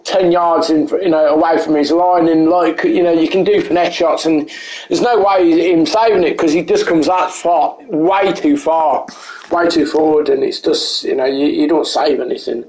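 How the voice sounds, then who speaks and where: A man's voice: a little high, steady tone, moderate pace, darkish tone, roomy sound, poor audio. Rambling man streaming a game. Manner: rambling, self-correcting, casual swearing. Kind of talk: live gaming commentary.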